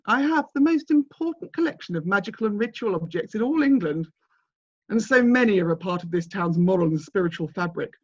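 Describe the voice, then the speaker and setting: A woman's voice: medium pitch, lightly acted. A woman reading aloud as a pompous older male collector who lives in a manor house, sounding grand and theatrical. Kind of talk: reading aloud from a graphic novel. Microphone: video call. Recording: dry, lo-fi video call audio.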